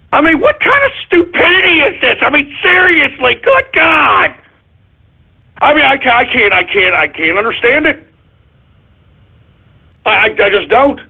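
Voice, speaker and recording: A very high-pitched man ranting on talk radio, his voice husky and rough. He breaks into loud, exasperated shouts. The sound is thin and phone-like. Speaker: radio talk show host. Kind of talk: ranting call-in radio monologue. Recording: tinny phone-line audio.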